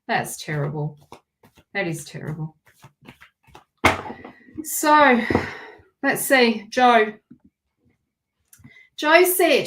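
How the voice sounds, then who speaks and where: A woman's voice: fairly high pitch, big pitch swings, very slow, pauses often, fairly bright tone. A woman with an Australian accent giving a live tarot reading, chatty and rambling, with lots of restarts. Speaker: tarot reader.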